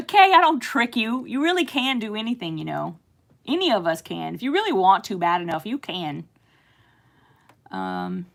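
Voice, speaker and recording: A middle-aged American woman with a mid-range, creaky voice hosts a casual live stream, very animated and at normal speed. She reads viewers' comments aloud and chats warmly, laughing often and using lots of fillers.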